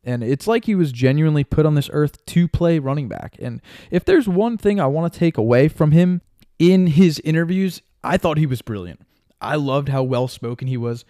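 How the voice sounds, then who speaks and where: A young man hosting a solo sports podcast, talking casually and excitedly, full of fillers and asides like "right?" and "man". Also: a little high, moderate pace, dry recording, clean studio sound. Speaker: podcast host.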